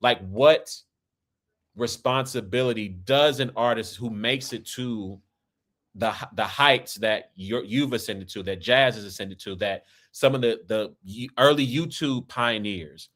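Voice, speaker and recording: A man's voice: medium pitch, a bit bright. Loose-talking American man from Kansas City. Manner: rambling and loose, with frequent "right?" and "man". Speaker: podcast host. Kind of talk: casual conversation.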